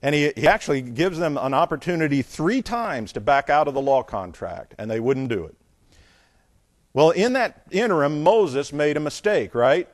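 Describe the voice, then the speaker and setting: A man teaching the Bible in a sermon style, animated and digressive, often asking his listeners questions. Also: on the high side, moderate pace.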